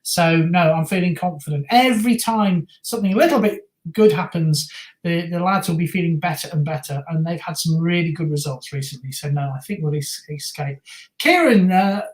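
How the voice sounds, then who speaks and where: Co-hosting a casual football watch-along stream, a man with a Birmingham accent chats and reads viewer messages aloud. His voice is fairly high and his pace moderate, with a roomy echo on the recording.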